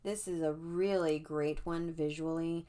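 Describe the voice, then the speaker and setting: A woman's voice: sits low, steady tone, measured pace, dark tone. A woman tarot reader chatting casually as she reviews a deck, musing aloud and often restarting her sentences. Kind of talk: casual chat.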